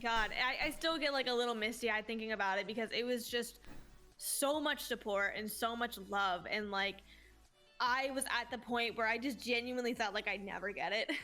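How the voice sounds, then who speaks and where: A woman's voice: on the high side, moderate pace, sharp tone, faint music behind. A woman in her twenties, a streamer guest, telling stories in a casual interview in a gushing, heartfelt way and swearing casually.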